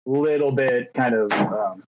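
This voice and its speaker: A thirty-year-old man co-hosting a podcast speaks slowly at a medium pitch, with a little hiss or hum on a dull, dry lo-fi recording. His casual chat rambles and is self-deprecating, and he acts out little exchanges.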